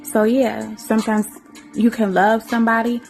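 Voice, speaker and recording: A woman's voice: on the high side, little pitch movement, moderate pace, creaky, a little mellow, soft background music. A woman vlogger giving an emotional, rambling spoken-word monologue, laughing often and repeating her phrases.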